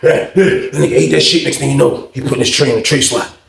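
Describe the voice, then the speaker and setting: A man telling a storytime vlog tale, animated and profane, acting out the dialogue. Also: medium pitch, a little fast, gravelly, roomy sound. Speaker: vlogger.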